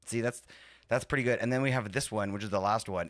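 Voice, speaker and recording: A man's voice: lowish voice, steady tone, quick pace, dry recording. A man hosting a live stream, chatting casually and rambling between talking to his chat and fiddling with his setup. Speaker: livestream host.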